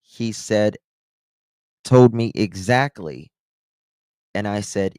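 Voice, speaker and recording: A man's voice: lowish voice, takes it slowly, pauses often, a little mellow, clear, resonant tone, dry recording, studio quality. A male channel host giving sarcastic, incredulous commentary on played clips. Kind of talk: reaction commentary.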